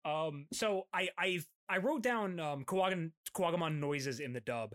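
A man's voice: a little high, lively intonation, normal speed, fairly bright tone. A man hosting a podcast, recapping an episode in casual chat, rambling with many fillers and restarts.

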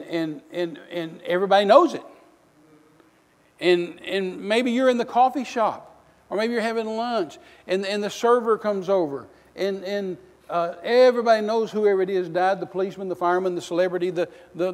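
A male missionary preacher delivering a sermon, telling folksy stories with bursts of loud outrage. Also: on the high side, in a large hall.

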